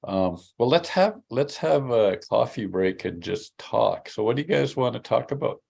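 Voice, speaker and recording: A man who hosts as storyteller in residence, chatting casually in a relaxed, joking way. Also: medium pitch, normal speed, vocal fry, slightly rough. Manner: relaxed, joking, talks with restarts. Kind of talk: casual conversation.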